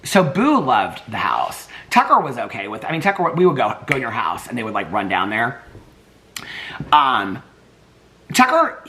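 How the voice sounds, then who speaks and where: A man's voice: mid-range voice, sing-song, moderate pace, sharp tone, slight background noise. Doting man chatting to his dogs. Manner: doting baby talk to his dogs, rambling asides. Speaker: vlogger. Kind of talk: casual daily vlog. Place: home, indoors.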